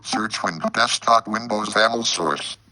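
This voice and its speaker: A man's voice: lowish voice, measured pace, bright, forceful tone. A robotic male text-to-speech screen reader reading out menu items. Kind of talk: synthetic computer speech. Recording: roomy, noisy playback from speakers.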